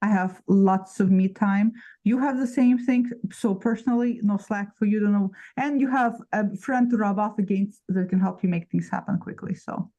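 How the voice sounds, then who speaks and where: A woman's voice: mid-range voice, normal speed, hardly any pauses, warm tone, muffled recording. A woman chatting casually on a video call, reading out viewer comments and joking. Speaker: co-host.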